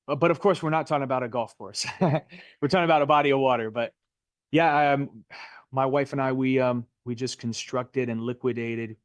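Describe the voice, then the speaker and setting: A man's voice: mid-range voice, normal speed, dry recording. A middle-aged man teaching a live real estate license class in a Florida classroom, chatty and jokey, often quizzing his students.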